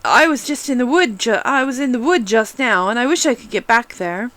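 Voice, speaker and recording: A woman's voice: a little high, expressive, fairly quick, a bit bright, no room sound. A woman reading aloud and voicing Alice, a polite but impatient young girl, for a storybook. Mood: prim, impatient. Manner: prim and impatient, well-spoken.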